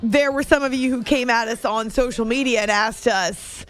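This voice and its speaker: A woman's voice: fairly high pitch, normal speed, faint music behind. A woman hosting a sports talk show, chatty and playful, with joking asides to her producer.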